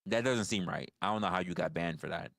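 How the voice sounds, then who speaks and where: A man's voice: low-pitched, fast talker, vocal fry, a bit bright, no room sound, studio quality. A man hosting a livestream in casual chat with viewers, blunt and profane, often stammering and restarting his phrases. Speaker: livestream host.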